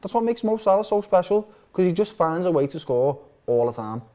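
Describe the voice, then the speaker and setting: A man, co-hosting a live football watch-along and reacting excitably to the match. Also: sits high, brisk. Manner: excitable, shouts and laughs at goals.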